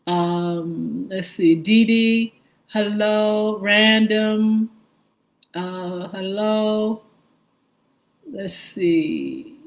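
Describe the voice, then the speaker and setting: A woman's voice: mid-range voice, very slow, lo-fi sound. A woman hosting a live morning show, greeting viewers by name and spelling out their usernames in a friendly way. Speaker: radio and livestream show host. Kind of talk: live-stream viewer shout-outs.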